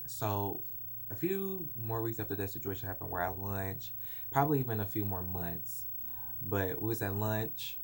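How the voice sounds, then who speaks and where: A man's voice: lowish voice, animated, moderate pace, a little mellow. A man talks straight into his phone, telling a story from his own life in loose, rambling chat. He fills his sentences with "like" and slips into other people's voices as he goes. A faint hiss sits under his voice. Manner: rambling, lots of "like" fillers, acts out voices in stories. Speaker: vlogger. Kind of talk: casual personal storytelling.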